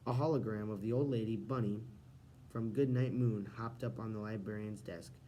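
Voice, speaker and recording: Guy reading a kids novel audiobook, steady and expressive, low mellow voice. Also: normal speed, a little hiss or hum, low-quality recording. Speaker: audiobook reader. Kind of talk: audiobook narration.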